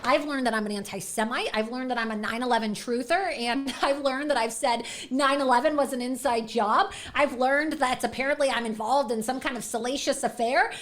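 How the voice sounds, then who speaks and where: A woman's voice: high-pitched, a little fast, hardly any pauses, a bit bright. A young woman hosting her own political show, delivering a sarcastic, defiant, profane monologue to camera. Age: young adult. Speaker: host of an online political show.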